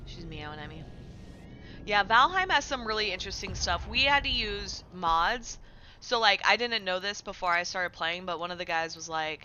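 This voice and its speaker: A woman's voice: mid-range voice, lively intonation, moderate pace, pushed and bright, lo-fi sound, a little hiss or hum. A young woman streaming a game from home, chatting casually and loosely, swearing often and rambling through fillers as she answers her chat. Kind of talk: casual live-stream chat while gaming.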